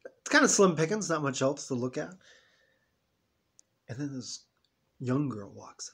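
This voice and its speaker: Speaking in a mid-range, slightly bright and husky voice, this fifty-something vlogger has a sing-song lilt and a somewhat slow delivery. He rambles through an emotional personal story with real feeling, quoting himself in different voices as he goes.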